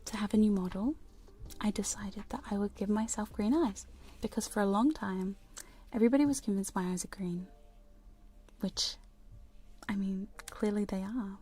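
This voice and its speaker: A woman's voice: medium pitch, moderate pace, breathy edge. A woman streamer in a whispered livestream chat, rambling and giggling as she reads the chat. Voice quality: soft whisper. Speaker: ASMR streamer. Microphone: studio condenser microphone.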